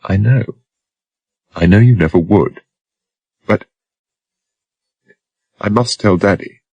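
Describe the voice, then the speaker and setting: A man's voice: on the low side, slow pace, a little mellow, breathy edge, dry recording, dull audio, pitched above the performer's own voice, heavily acted. A man voicing a frightened young woman who pleads anxiously in an audiobook. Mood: scared.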